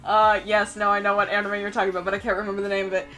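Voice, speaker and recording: A woman's voice: medium pitch, flat delivery, very fast, a bit bright, soft background music. A young woman hosting a stream, chatting casually in a giggly, rambling way and swearing freely. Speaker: streamer host. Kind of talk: casual chat.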